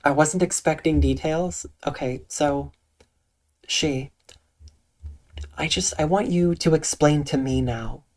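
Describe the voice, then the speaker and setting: Soft-spoken, calm livestream host. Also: mid-range voice, takes it slowly, long pauses. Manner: soft, calm tone with eloquent diction. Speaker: Twitch streamer. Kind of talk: casual livestream chat reading out viewer comments.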